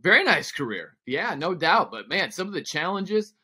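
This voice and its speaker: A man's voice: on the high side, big pitch swings, moderate pace, bright, forceful tone, husky. A man appearing as a guest on a radio sports show, talking casually, enthusiastic and plain-spoken, on a studio microphone.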